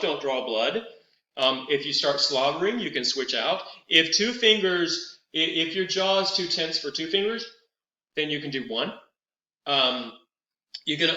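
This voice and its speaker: A middle-aged man leading a vocal warm-up as a voice teacher, patient and instructive, slowing down to over-articulate the drills. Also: on the high side, echoey room, dull audio.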